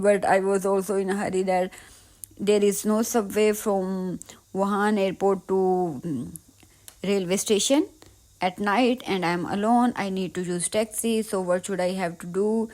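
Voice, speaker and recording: Mellow-voiced young woman vlogger. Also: mid-range voice, fairly even intonation, measured pace. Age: young adult. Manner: chatty, giggly storytelling in simple non-native English. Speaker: travel vlogger. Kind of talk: vlog voice-over narration.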